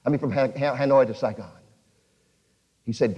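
A man's voice: medium pitch, moderate pace, mellow, slightly rough. A man preaching a sermon and retelling a testimony with earnest emotional swells. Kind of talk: sermon storytelling. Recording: dull lo-fi audio in a reverberant hall.

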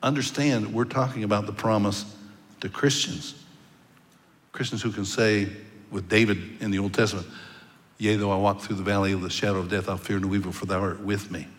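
Low-voiced preacher in a reverberant hall. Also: male voice, steady tone, brisk. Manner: storytelling, conversational with occasional stammered restarts. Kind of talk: sermon. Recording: long reverb of a large hall.

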